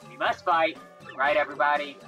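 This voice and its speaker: A woman's voice: sits low, steady tone, fairly quick, sharp tone, faint music behind, voice pushed down. A woman voicing an earnest young male creature who leads his small tribe.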